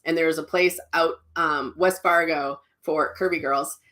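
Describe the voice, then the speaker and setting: A woman's voice: sits low, steady tone, measured pace, a bit bright. A middle-aged woman, a psychic medium telling personal stories in a casual, rambling way, full of restarts and asides. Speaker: psychic medium and spiritual teacher.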